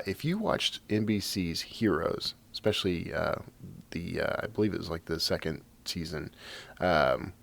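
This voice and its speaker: A man hosting a podcast with a raspy voice, talking casually with lots of fillers and jokes at his own expense. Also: low-pitched, no room sound. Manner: rambling, filler-heavy, self-joking. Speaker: podcast host. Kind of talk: casual podcast intro and chat.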